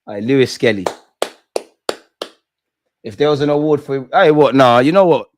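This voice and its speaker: A young man hosting a live football watch-along, reacting with slangy banter that swings from loud shouting to low muttering. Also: normal speed. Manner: slangy banter, swears at the screen. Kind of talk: live match reaction commentary.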